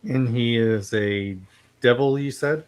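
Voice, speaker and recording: A man's voice: medium pitch, takes it slowly, clean tone. A man playing a tabletop game, thinking aloud in a hesitant, casual way. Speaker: player.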